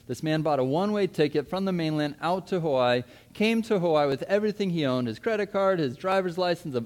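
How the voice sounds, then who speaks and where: A man in his thirties preaches from the pulpit, his voice sitting a little higher than most men's. He mixes prayer with a personal story and acts out his own past words with animated energy. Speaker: pastor. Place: church.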